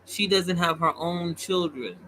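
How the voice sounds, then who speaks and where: Slow-talking opinionated commentary host. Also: female voice, lowish voice, slight background noise, rough recording. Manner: opinionated, animated, mocks voices. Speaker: commentary vlogger. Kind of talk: casual commentary.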